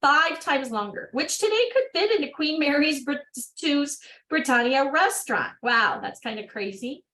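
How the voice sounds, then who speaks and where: A woman hosting an online workshop over a video call. She reads training material aloud at a brisk clip and breaks off for upbeat, chatty asides. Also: high voice, animated, bright, forceful tone, low-quality recording. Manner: brisk reading broken by upbeat exclamations. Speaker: workshop host.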